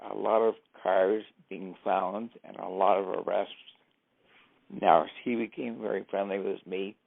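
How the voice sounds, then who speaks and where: Gravelly older man telling stories. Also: low-pitched, fairly even intonation, unhurried. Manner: anecdotal, acts out quoted speech. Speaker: interviewee, former driver and informant. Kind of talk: storytelling interview. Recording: tinny, phone-like sound.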